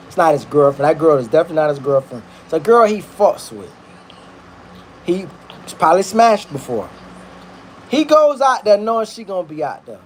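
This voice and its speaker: A man's voice: on the high side, sing-song, moderate pace, pauses often, a little hiss or hum. A man telling a story in a casual, rambling, slang-heavy commentary, swearing freely while he cooks in his kitchen. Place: kitchen, cooking while talking.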